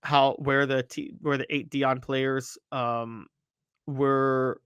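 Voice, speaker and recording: A man's voice: medium pitch, flat delivery, slow, fairly bright tone, clean tone, dry recording, lo-fi sound. A man hosting a sports podcast, giving opinionated commentary and talking straight to his viewers and chat.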